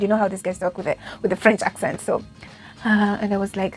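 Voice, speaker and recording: A woman's voice: mid-range voice, level tone, quick pace, faint music behind. A young Kenyan woman with a Kenyan accent, casually telling embarrassing stories about herself, chatty and self-mocking, laughing often between many fillers. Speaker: au pair. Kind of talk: casual storytelling vlog.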